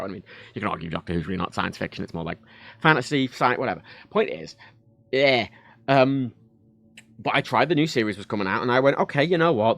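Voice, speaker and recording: Lively, rambling man streaming. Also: medium pitch, vocal fry, no echo. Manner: rambling, sweary, self-interrupting. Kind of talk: casual livestream chat.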